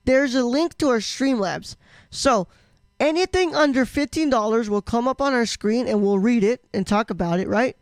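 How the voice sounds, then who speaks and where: A man's voice: extremely high pitch, moderate pace, clean tone, dry recording. A man co-hosting a casual live-stream podcast, rambling with lots of fillers and restarts. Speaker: podcast co-host.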